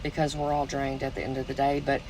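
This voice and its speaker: A woman in casual chat, telling stories in an unhurried way and laughing often. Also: very deep voice, completely flat delivery, a little mellow, slight background noise, rough recording. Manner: unhurried storytelling, frequent laughter. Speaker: snare maker.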